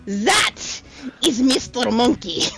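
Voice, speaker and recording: A woman's voice: on the high side, lively intonation, slow, fairly bright tone, faint music behind. A woman reading video game dialogue aloud in playful, silly put-on accents and giggling often. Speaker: game streamer.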